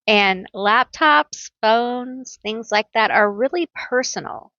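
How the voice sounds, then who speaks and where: A woman's voice: a little high, slow pace, few pauses, bright, forceful tone, no room sound, dull audio. A woman giving a pick-a-card tarot reading, chatty and playful, telling stories with teasing nicknames.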